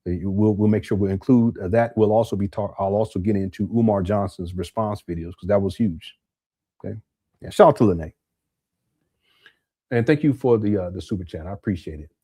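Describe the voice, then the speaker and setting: A man's voice: on the low side, a little fast, dark tone, breathy edge, no echo, clean studio sound. A man hosting a live stream, casually rambling while reading viewer messages aloud. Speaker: livestream host.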